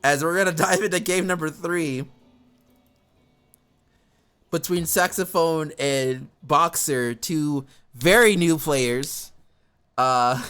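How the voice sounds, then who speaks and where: A man casting a strategy game match, excitable, often laughing and yelling advice at the players. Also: on the high side, slow, long pauses, clean tone, soft background music. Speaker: game caster. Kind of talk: esports match commentary.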